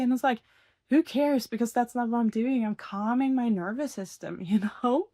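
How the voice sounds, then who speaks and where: A solo podcast host with a high-leaning, a little mellow voice speaks brisk and animated in a casual, earnest, encouraging style. She laughs frequently and fills her speech with fillers; the studio recording is clean, with no room sound.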